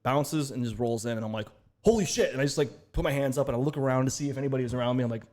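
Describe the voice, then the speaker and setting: A man co-hosting a casual podcast, telling an animated story and acting out both sides of each exchange. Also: mid-range voice, rapid-fire. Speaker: podcast co-host. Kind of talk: casual chat.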